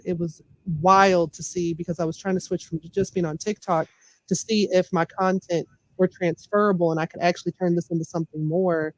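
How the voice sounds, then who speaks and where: A woman's voice: lowish voice, dry recording. A woman with a thick Southern US accent talking candidly and emphatically as a podcast guest. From Memphis, USA. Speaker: podcast guest, lawyer and comedian. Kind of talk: casual interview talk.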